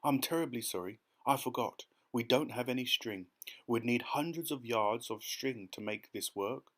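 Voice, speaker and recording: A man voicing an earnest young boy who calmly and steadily explains his plan in an audiobook. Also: medium pitch, moderate pace, close to an everyday voice. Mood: determined. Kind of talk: audiobook character reading.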